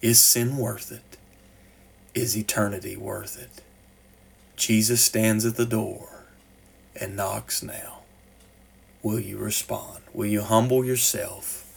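A man preaching a sermon, reading a story aloud with rising passion and then dropping to soft, slow appeals. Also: fairly low pitch, flat delivery, creaky, breathy edge.

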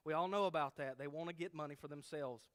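A man's voice: fairly high pitch, fast talker. A man preaching a verse-by-verse sermon who teaches emphatically and often checks in with his listeners by asking "okay?". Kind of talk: expository sermon.

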